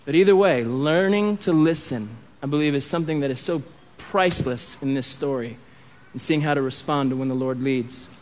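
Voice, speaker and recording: A man with a notably high voice preaching a sermon. He speaks expressively and drops to a hushed tone on key points. He acts out the dialogue when he reads scripture. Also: moderate pace. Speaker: pastor.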